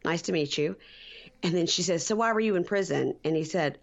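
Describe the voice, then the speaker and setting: A low-pitched woman tells a reality-show story in a casual podcast chat. She jumps into high, loud voices when she quotes people. The audio sounds a little dull and lo-fi. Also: lively intonation, quick pace. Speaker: podcast co-host.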